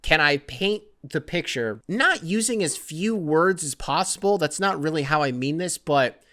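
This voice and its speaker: A man's voice: a little high, animated, moderate pace, pushed and bright. A man hosting a casual sports podcast, talking in a loose, rambling way and swearing freely. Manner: loose, rambling and profane, self-described scatterbrained. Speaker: podcast host.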